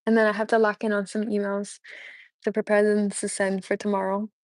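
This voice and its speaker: Young woman, livestreamer, casual chat, bubbly, laughs a lot, mid-pitched voice, dry close sound. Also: little pitch movement, fairly quick, no echo. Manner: bubbly and chatty, laughs often, answers chat questions. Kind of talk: casual live-stream chat with viewers.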